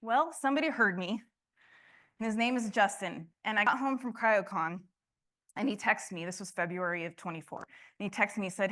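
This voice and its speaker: A woman gives a passionate conference talk to a room, often restarting and asking the audience questions. She speaks fairly quickly in a mid-range, slightly bright voice.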